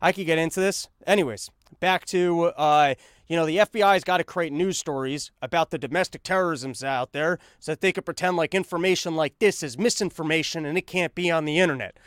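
Sarcastic rambling man, smooth dry voice. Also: on the high side, brisk, a bit bright, no echo. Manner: rambling, sarcastic, full of fillers and restarts; talks while pacing on a treadmill. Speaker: podcast host. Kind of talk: comedic news monologue.

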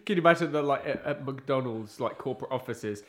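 Fast-talking man cracking jokes. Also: mid-range voice, a bit bright. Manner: quick jokey riffing. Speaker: podcast co-host. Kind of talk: casual chat. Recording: roomy echo.

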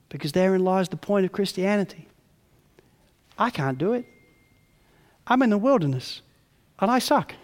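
High-voiced guy preaching in a big reverby hall, goes from hushed to booming. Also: expressive, normal speed, pauses often. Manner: swings from soft murmurs to loud ringing emphasis. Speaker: pastor. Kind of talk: sermon.

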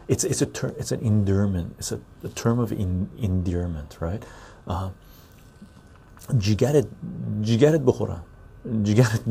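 A man's voice: fairly low pitch, creaky, warm tone, slight background noise. A man hosting a casual podcast chat from a patio, reading chat comments aloud, laughing often and swearing freely. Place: outdoor patio.

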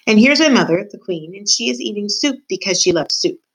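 A woman's voice: mid-range voice, animated, a little fast, breathy edge, rough recording. A woman reading aloud and voicing a kind, polite young princess. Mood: gentle. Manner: polite and gentle.

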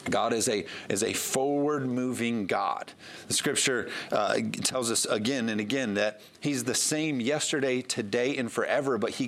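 A pastor preaching a sermon to his congregation in an earnest, conversational way, reading scripture aloud as he goes. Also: mid-range voice.

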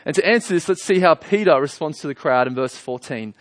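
An Australian man in his thirties preaches a sermon in a warm, chatty way, pitched a little high. He moves between earnest points and gentle jokes. His voice sounds close and dry. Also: lively intonation, brisk, dry recording. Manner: conversational, earnest, lightly humorous. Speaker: pastor.

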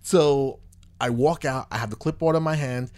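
A man's voice: mid-range voice, moderate pace, a crowd in the background. Exasperated rambling man telling a story. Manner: rambling, exasperated, swears freely. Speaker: podcast host. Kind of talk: casual storytelling chat.

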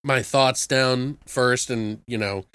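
A man hosting a casual chat, retelling a film with swearing, laughs and quotes acted out in high voices. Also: slow pace, clear, resonant tone, no room sound. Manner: animated storyteller, swears freely, acts out quotes in high voices. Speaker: podcast host reviewing a film.

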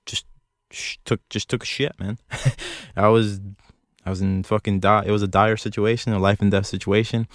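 A man's voice: fairly low pitch, dry recording, studio quality. A young man hosting a solo podcast from a closet, rambling in a profane, self-mocking, jokey way. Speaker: podcast host. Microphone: close studio mic.

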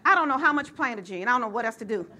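A woman pastor preaching a sermon to her church, getting excited and rising to shouts as she calls out to the congregation. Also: on the high side, rapid-fire, heavy background noise.

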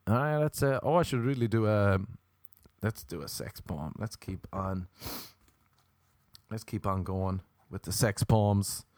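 A hungover Irish man hosts a podcast, delivering a rambling, self-mocking comedic monologue that includes reading a joke erotic poem. His voice is lowish and a little mellow at a measured pace, recorded in studio quality with no room sound.

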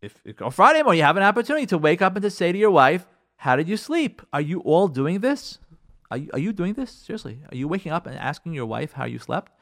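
A man's voice: fairly high pitch, big pitch swings, fast talker, creaky, a bit bright. A man who is a rabbi giving earnest marriage advice on a radio talk show, repeating phrases for emphasis.

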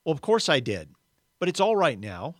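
A kindly male spirit speaks calmly and patiently, reassuring and unbothered, as a man reads him aloud. It is an audiobook-style storybook reading with a dry, close sound. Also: a little high, moderate pace, no echo, pitched above the performer's own voice.

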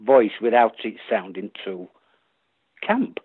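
Husky-voiced Yorkshire actor, chatty guest, rambly; dry, thin phone sound. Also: male voice, lowish voice, very animated, slow pace, no room sound. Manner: rambling, full of restarts and acted-out quotes. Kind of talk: casual interview chat. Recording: tinny dry phone line.

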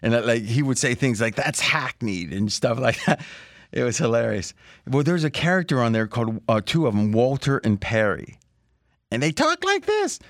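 A man hosting a casual sports-betting podcast, rambling in animated asides. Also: mid-range voice, brisk, no echo, studio quality. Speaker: podcast host.

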